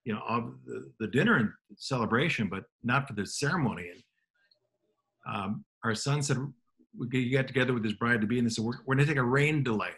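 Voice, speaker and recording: A man's voice: mid-range voice, lively intonation, brisk, gravelly, fairly bright tone. Middle-aged guy, keynote speaker, chatty and easygoing, tells stories with a laugh. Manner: anecdotal, easygoing, self-deprecating. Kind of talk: storytelling in a radio conversation.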